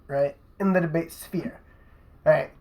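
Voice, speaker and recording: A man's voice: on the high side, measured pace, darkish tone, poor audio. A young man, a podcast host, telling a rambling, profane story in casual chat and tacking "right?" onto his sentences.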